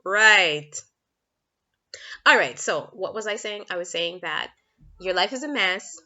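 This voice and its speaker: Woman, relationship coach, casual frank vlog talk, bright forceful tone, lo-fi home recording. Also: on the low side, lively intonation, moderate pace. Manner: chatty, frank, laughs often, breaks off to talk to her kids. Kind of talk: casual talking-head vlog.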